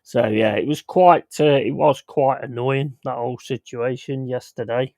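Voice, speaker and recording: A man's voice: medium pitch, fairly even intonation, moderate pace, darkish tone, dry recording. Male streamer, blunt and sweary, casual rant, dry close sound. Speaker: streamer host. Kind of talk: casual livestream chat. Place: home.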